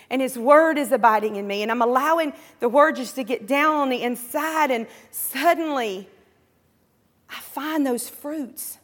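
Preaching in a large hall, this woman has a voice well above typical pitch with a slightly bright tone. Her sermon leans on call-and-response shouts, and she imitates imagined believers and coworkers to make her points.

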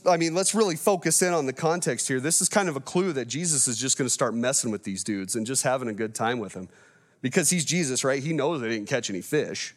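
A man in his thirties preaching a sermon in a conversational, playful way, telling the story with animation. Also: mid-range voice. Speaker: pastor.

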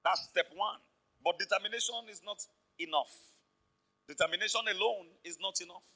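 A man preaching a lively sermon to his church, acting out the voices in his stories. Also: high-pitched, normal speed, poor audio. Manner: animated preaching, acts out quoted voices. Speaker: pastor.

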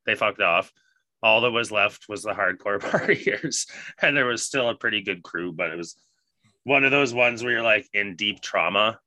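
A man casually telling a profane, animated party story with bursts of laughter. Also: fairly low pitch, normal speed, no room sound.

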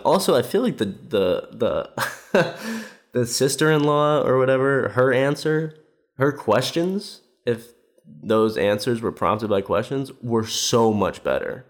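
This man's mid-range voice is expressive and a little slow as he rants in casual commentary. Rambling and sarcastic with plenty of fillers, he ridicules others' remarks, raising his voice to imitate what they said.

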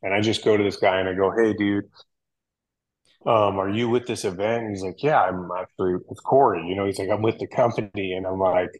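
A man's voice: fairly low pitch, brisk, rough recording. A man, a firefighter guest on a podcast, telling a story casually with lots of fillers and acted-out quotes. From United States. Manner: relaxed, animated retelling with many fillers and quoted dialogue.

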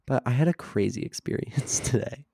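A man's voice: mid-range voice, normal speed, vocal fry, dark tone, slightly rough, no room sound, studio quality. A young man co-hosting a casual podcast, telling a long story with many "like" fillers and acting out overheard lines. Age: young adult. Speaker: podcast co-host. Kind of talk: casual chat.

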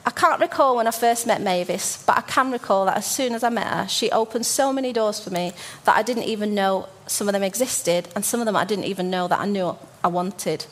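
A church speaker in her forties from Birmingham delivers a sermon framed as a personal story. Her pitch is ordinary and middling, her tone fairly bright, and she often pauses with fillers and restarts sentences.

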